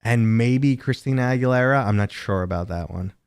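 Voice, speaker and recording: A man's voice: mid-range voice, a little fast, darkish tone, clear, resonant tone, no room sound. A man from New City, chatting casually and joking with viewers while hosting a live stream. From New York City. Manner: rambling, joking, chatty asides to chat.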